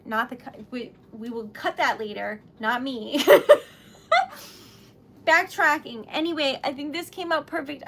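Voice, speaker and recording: A woman livestreamer with a very high voice talks slowly while tearful and giggly, laughing through tears. She stammers and gushes thanks in a flustered way. Faint noise sits under her desk-mic sound. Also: fairly bright tone. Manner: breathless gushing thanks. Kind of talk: casual livestream chat.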